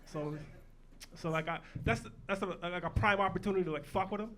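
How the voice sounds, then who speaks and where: A man performing a stand-up set in a comedy club, loud and profane, telling punchy stories. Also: high-pitched, fairly quick, a little hiss or hum. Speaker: stand-up comic.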